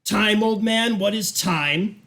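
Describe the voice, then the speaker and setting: A man voicing a defiant young male student who taunts his teacher slowly. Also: high-pitched, fairly bright tone, pitched above the performer's own voice, heavily acted. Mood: taunting.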